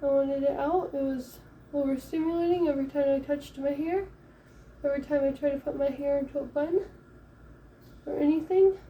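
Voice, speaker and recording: A young woman from Michigan, a first-time mom, casually telling a story in a chatty, animated way, acting out the voices of the people in it. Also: high-pitched, moderate pace, distant mic, lo-fi sound, a little hiss or hum. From Michigan, USA. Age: young adult. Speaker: vlogger. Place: home, late at night.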